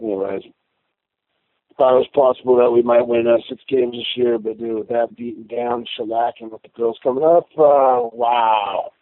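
A man's voice: mid-range voice, steady tone, moderate pace, no echo. A man phoning in to a fan show, sounding disgusted and exasperated. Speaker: caller. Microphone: phone. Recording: tinny phone line.

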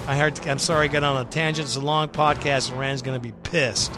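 Fired-up, hoarse podcast host. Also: male voice, medium pitch, fairly even intonation, a little fast, few pauses, music in the background. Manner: emotional, fired up, profane. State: voice worn out. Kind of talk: impassioned fan podcast rant.

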